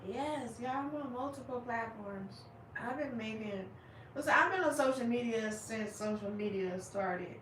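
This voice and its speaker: A young woman chatting casually with viewers on her livestream, animated and laughing as she acts out their reactions. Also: a little high, moderate pace, roomy sound, distant mic, a little hiss or hum, rough recording. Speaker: livestream host.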